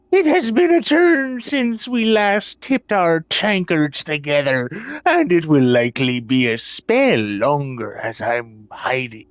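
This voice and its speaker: A man's voice: medium pitch, no echo. A man voicing a swaggering old-time pirate captain as he reads a letter aloud, in a hammy put-on pirate accent.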